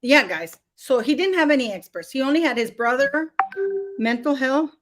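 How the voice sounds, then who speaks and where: A woman's voice: high-pitched, lively intonation, moderate pace. A woman hosting a casual live stream, rambling with many fillers and restarts and laughing often.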